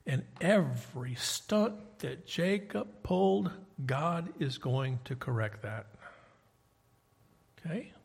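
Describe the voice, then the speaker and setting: A man's voice: on the high side, lively intonation, takes it slowly, vocal fry, breathy edge, in a large hall. A man preaching a sermon, retelling scripture in a conversational storytelling way and putting questions to the congregation.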